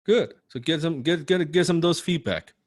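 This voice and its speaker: A man with a non-native English accent, coaching students in a blunt, forceful, profane and repetitive way. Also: on the high side, normal speed, no echo, studio quality. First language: not English. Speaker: copywriting coach. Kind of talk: motivational coaching talk.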